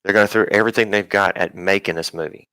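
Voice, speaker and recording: Low-voiced man ranting on a live stream. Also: fairly even intonation, fast, pushed and bright, clear, resonant tone, no echo, rough recording. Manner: rambling, profane, many ums and restarts. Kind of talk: casual live-stream rant.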